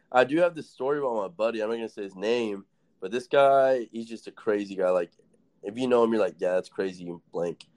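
A man's voice: fairly low pitch, fairly quick, a little mellow. A young man hosting a casual chat, telling stories in a rambling, profane way and laughing often. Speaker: podcast host.

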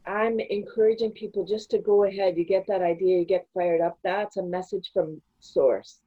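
A woman guest on a podcast, chatting casually and telling animated stories, often breaking into laughter. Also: medium pitch, moderate pace, husky, muffled recording. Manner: animated storytelling with frequent laughs. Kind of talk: casual interview chat.

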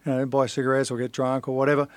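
A man's voice: medium pitch, flat delivery, very fast, no echo. A middle-aged man with an Australian accent telling his life story in a casual interview, blunt and swearing freely, acting out the voices he quotes. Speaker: podcast guest, fighter.

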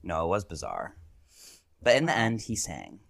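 A man's voice: low voice, huge pitch swings, normal speed, gravelly, a bit bright, dry recording. Chatty young man with a dry, close sound. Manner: chatty, full of "like" and restarts, laughs often. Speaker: podcast co-host. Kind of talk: casual chat.

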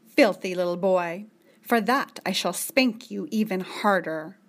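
A woman voicing a stern, commanding middle-aged woman who speaks in brisk, scolding orders. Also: medium pitch, close to an everyday voice.

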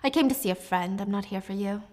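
A woman's voice: mid-range voice, fast talker, darkish tone, natural voice. A woman doing a jealous, accusing rich man. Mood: smug. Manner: tense, accusing.

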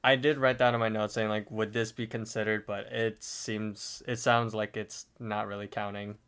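Smooth-voiced male podcast co-host. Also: on the low side, little pitch movement, moderate pace, fairly bright tone. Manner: detailed narration with fillers. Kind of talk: casual episode recap.

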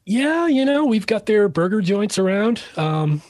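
A man's voice: high voice, measured pace, no room sound. Man, light Boston accent, interview guest, laid-back, rambling, dry mic. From Billerica, Massachusetts. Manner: relaxed, laughs easily, rambling. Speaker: guest, gear reviewer. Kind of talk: casual interview.

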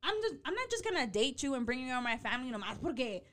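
Animated, breathless woman in her late twenties. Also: sits high, fast. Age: late 20s. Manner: animated, swears, switches into Spanish. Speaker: podcast co-host. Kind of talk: casual chat.

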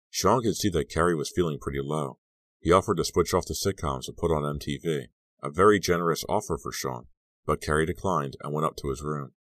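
A male audiobook narrator with an extremely deep voice tells the story in a steady, even manner. The recording is dry and close, with no room sound. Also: no room sound. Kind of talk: scripted narration.

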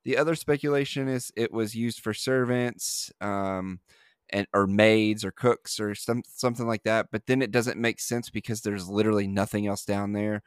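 Male podcast host, low voice, dry close sound, loose rambling delivery with fillers. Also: clear, resonant tone, no echo. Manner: rambling, with many fillers and restarts. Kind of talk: casual podcast chat.

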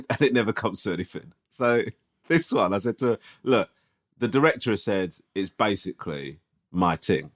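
A man's voice: fairly low pitch, normal speed. A man, co-hosting a podcast and telling a story in casual, swearing chat, often checking with "right?". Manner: animated, swearing, tag questions. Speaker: podcast co-host.

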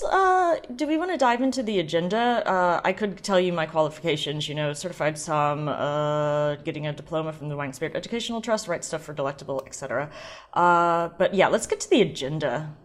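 A woman's voice: sits low, animated, brisk. A woman sommelier hosting a solo wine podcast, chatting casually and playfully, drifting into tangents.

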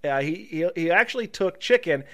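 A man's voice: high-pitched, lively intonation, a little fast. A man co-hosting a casual comedy podcast, reading news stories aloud and breaking off to joke and laugh. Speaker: podcast co-host.

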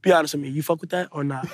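A young man in casual banter on a dating show, brash and crude, laughing often. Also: high voice. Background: music.

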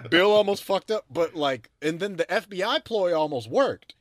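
A laid-back man talks over a film with a friend, chuckling through his points. His pitch jumps up and down freely, sitting a touch high, and the sound is dry and close. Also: expressive, a little slow, fairly bright tone, no room sound. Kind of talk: casual chat about a film.

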